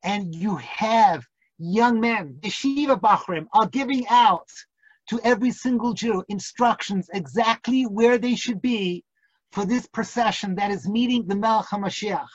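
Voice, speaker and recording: A man's voice: high-pitched, a little slow, slightly rough, no echo. A man teaching an online class as a rabbi, telling a vivid, suspenseful story and breaking into funny put-on accents. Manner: vivid, builds suspense, hams up national accents for laughs. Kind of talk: dramatic storytelling lecture. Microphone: video call. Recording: dull lo-fi video call audio.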